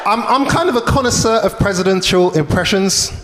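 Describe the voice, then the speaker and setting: A man's voice: high voice, fairly quick. A man with a British accent doing a playful stand-up comedy set to a crowd in a comedy club. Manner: animated, playful delivery to a crowd. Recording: echoey club hall with crowd noise.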